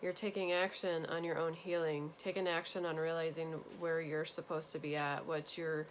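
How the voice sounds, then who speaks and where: Woman, tarot reader, earnest and reassuring, lower voice, light background hiss. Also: level tone, normal speed. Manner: gentle, earnest, repetitive reassurance. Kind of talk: spiritual tarot reading to viewers.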